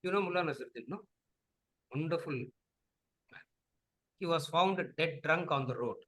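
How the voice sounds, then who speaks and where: Bright-voiced man. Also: on the high side, a little slow, poor audio. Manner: repetitive, asks the audience rhetorical questions. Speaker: Vedanta teacher. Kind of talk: lecture with questions and answers.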